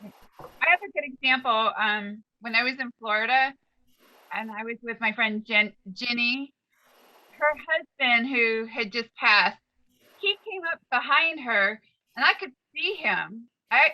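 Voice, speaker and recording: A woman's voice: fairly high pitch, pushed and bright, low-quality recording. A woman participant on a video call, telling a personal story earnestly. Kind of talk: casual video-call chat.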